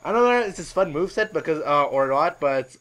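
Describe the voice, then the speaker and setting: Animated, rambling podcast host, man. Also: on the high side, fast, rough recording. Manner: rambling, animated, lots of filler words. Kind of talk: casual chat.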